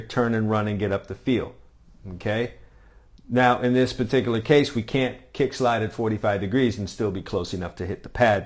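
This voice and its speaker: A man coaching defensive backs, talking over video of a drill and repeating short cues with frequent "all right?" checks. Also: fairly low pitch. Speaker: football coach.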